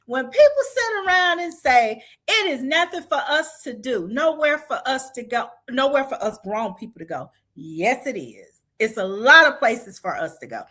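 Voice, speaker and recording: Woman livestream host, hype-girl energy, bright and animated, slightly high voice. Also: moderate pace, hardly any pauses. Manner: lively, hype, chatty with the audience. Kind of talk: casual livestream chat and event promotion. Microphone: video call style stream mic.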